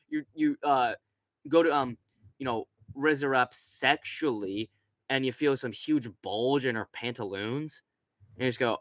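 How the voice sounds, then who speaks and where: A man's voice: mid-range voice, a little slow, bright, forceful tone, dry recording. A young adult man hosting a live stream, rambling crudely in casual chat, laughing often and reading out chat messages. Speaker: streamer host.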